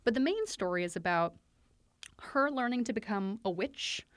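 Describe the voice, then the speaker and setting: A woman's voice: medium pitch, lively intonation, clean tone, no echo. A woman co-hosting a casual book discussion, playful and enthusiastic as she sums up a story. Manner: playful, enthusiastic, quick to laugh. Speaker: podcast co-host.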